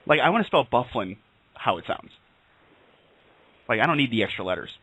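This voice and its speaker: A man's voice: mid-range voice, sing-song, brisk, bright, forceful tone, breathy edge, no room sound, poor audio. A man co-hosting an online radio talk show, chatting casually and rambling with laughs. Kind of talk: casual chat.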